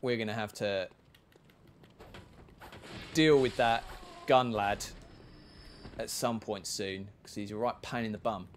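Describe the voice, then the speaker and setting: A man's voice: on the low side, takes it slowly, long pauses, a little hiss or hum. A man giving casual, chatty commentary while playing a video game, with self-mocking asides. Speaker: gaming video creator.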